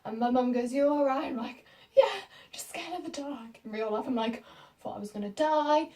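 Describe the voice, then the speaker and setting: A woman's voice: fairly high pitch, brisk, warm tone, recorded from a distance, poor audio. A British young woman in her late teens, telling a story to camera in a rambling, giggly, self-mocking way. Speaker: vlogger.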